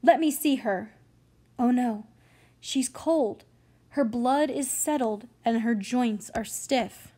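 A woman voicing a nobleman father who briskly orders his servants about during the household preparations. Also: on the high side, dark tone. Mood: grieving.

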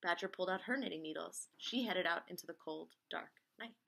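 A woman reading a picture book aloud in a lively way, singing out sound effects as she goes. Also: lowish voice, fairly quick, vocal fry, husky. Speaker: reader.

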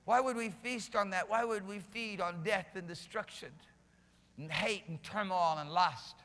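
A male pastor preaching a sermon with fervor, rising at times into shouting. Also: high-pitched, a little slow, long reverb tail. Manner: impassioned preaching, builds to shouting. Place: church sanctuary.

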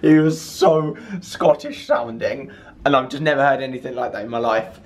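A young man in his twenties vlogging from a hotel room, tired but chatty and excitable, rambling to the camera. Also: mid-range voice, normal speed. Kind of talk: casual vlog chat.

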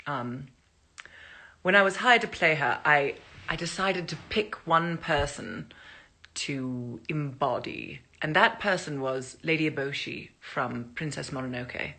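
Low voiced woman on a phone live stream, bright tone, chatty, laughs a lot. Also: measured pace. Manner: chatty, rambling, laughs and puts on voices for anecdotes. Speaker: actress answering fans on a live stream. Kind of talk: casual live-stream chat.

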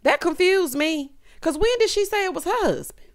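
A woman giving a casual, sassy recap of a reality show, with animated asides to the viewer. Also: very high-pitched, normal speed.

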